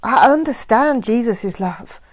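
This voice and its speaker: A woman's voice: fairly high pitch, lively intonation, unhurried, no room sound. A woman reading a novel aloud, voicing a desperate middle-aged father who cries out and begs. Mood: troubled. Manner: loud, strained, cries out and begs.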